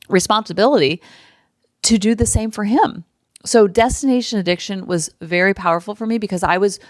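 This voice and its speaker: A woman's voice: on the low side, no room sound. Woman podcast host, thirties, casual confessional monologue, dead-dry close mic. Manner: candid and emotional, quick asides.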